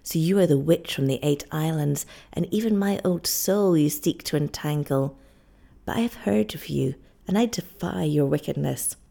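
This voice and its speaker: Woman reading poor old coughing stranger, storybook, grave, low, gravelly. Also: normal speed, dark tone. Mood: defiant. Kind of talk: audiobook reading.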